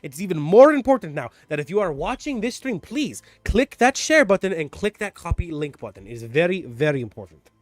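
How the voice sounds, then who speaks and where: A man running a livestreamed tabletop game as dungeon master, talking in an animated, rambling way and repeating himself as he greets chat and recaps the story. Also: high voice, a little fast, few pauses, dry recording.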